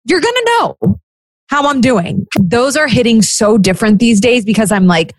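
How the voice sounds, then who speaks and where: A woman's voice: on the high side, animated, moderate pace. A heavily pregnant woman talking as a podcast guest. She chats candidly and often restarts her sentences. The sound is dry, close and without any room echo. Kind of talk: casual chat.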